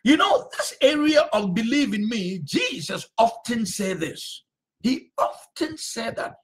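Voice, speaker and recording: Male pastor, unhurried sermon delivery with animated intonation and emphatic repetition. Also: very high-pitched. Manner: emphatic, repeats phrases, sometimes shouts.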